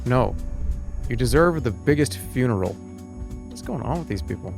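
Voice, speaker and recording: A game streamer rambles and jokes with his chat during live commentary. He speaks at normal speed with a mid-range, darkish voice, lively intonation and vocal fry, over soft background music.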